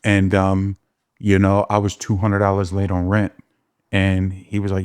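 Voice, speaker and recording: Candid and emphatic, an interviewed guest recounts his life and becomes emotional, close to tears. His low voice is completely flat in delivery, measured in pace, and clear and resonant.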